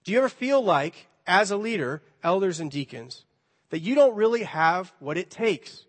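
A man with a high voice preaches in a church sanctuary. His delivery is conversational and lightly playful, and he slips into the dialogue of the people in his story. The hall gives his voice a long reverb. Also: animated, moderate pace. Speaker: pastor. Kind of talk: sermon.

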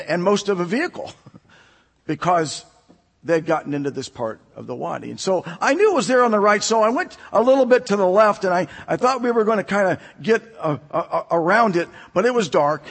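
Male preacher, high husky voice, storytelling sermon, church hall reverb. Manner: storytelling, animated, laughs often.

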